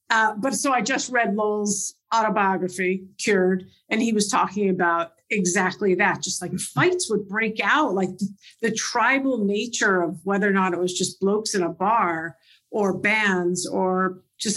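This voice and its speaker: A woman hosting an interview, chatting eagerly and asking quick follow-up questions. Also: medium pitch, steady tone, a bit bright. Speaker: podcast host. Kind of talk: casual interview chat.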